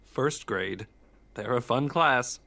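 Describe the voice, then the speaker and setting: A man reading a friendly teaching-job applicant in a scripted textbook listening dialogue, clear and even. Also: medium pitch, slow pace, full character voice. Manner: clear, evenly paced, textbook delivery.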